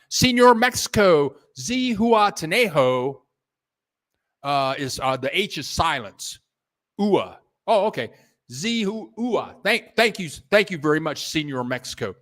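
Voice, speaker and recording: A man hosts a laid-back livestream from his home computer, reading out viewer donations and thanking people as he goes. His talk is halting and repetitive, and he keeps restarting sentences. His voice sits on the high side with a slightly bright quality.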